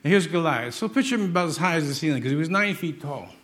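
Male preacher, somewhat high voice, emphatic, jokes, acts out the stories. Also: animated, fast, a bit bright. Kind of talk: sermon.

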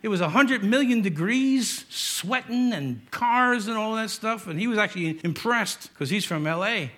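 A man's voice: high voice, expressive, moderate pace, pushed and bright. A middle-aged man with a New York accent, a pastor preaching a sermon in a joking, conversational way with asides.

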